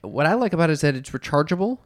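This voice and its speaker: A man's voice: fairly high pitch, animated, racing, no echo, clean studio sound. A man co-hosting a casual podcast, teasing and crude, reading listener comments. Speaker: podcast co-host. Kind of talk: casual chat and ad read.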